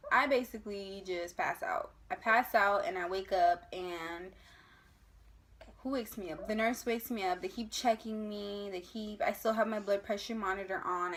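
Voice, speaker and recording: A young woman from the United States telling a personal birth story to camera in a casual vlog, emotional and animated, acting out the voices of others. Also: mid-range voice. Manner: emotional, animated retelling with acted quotes.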